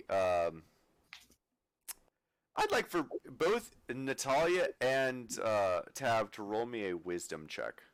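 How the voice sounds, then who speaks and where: A male dungeon master narrating a tabletop game with a lively, swinging pitch. He laughs often and keeps a relaxed, amused tone between rulings. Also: smooth.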